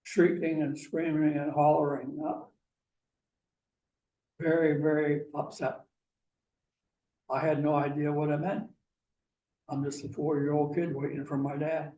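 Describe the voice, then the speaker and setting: A man from Pennsylvania giving a talk, telling a personal story slowly and deliberately. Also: fairly high pitch, level tone, mellow, dull audio. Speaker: guest speaker. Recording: echoey room, mic far off, faint hiss.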